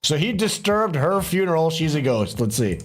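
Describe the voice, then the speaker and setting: A man hosting a stream, giving casual reaction commentary in an animated, mocking way and laughing often. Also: fairly high pitch, moderate pace, slight background noise. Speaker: streamer host.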